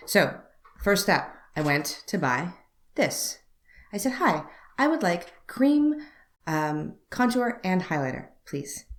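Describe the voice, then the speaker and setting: A young woman beauty vlogger tells a story to camera in a low voice. Wry and animated, she acts out both sides of a conversation.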